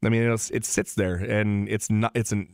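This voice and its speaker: A man co-hosting a racing talk show, reading results in a relaxed, halting way with many fillers and restarts. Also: fairly low pitch, creaky, no echo, clean studio sound. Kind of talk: casual sports radio chat.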